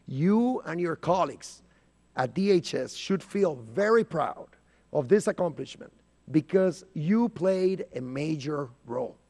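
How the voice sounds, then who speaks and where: A man from Puerto Rico with a slightly raised pitch delivers a prepared statement at a congressional hearing. He moves through facts, dates and statistics in measured order and stresses the words he wants noticed. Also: expressive, a little mellow. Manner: deliberate, emphatic, lists facts and figures. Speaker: congressman questioning a witness. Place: committee hearing room.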